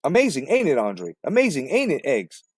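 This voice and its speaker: A man with a fairly high, wildly animated voice rants combatively, swearing and hammering his points with repetition. The sound is close and dry, with almost no room. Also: a little fast, slightly rough, no echo. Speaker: boxing commentary host. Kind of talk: profane live-stream rant.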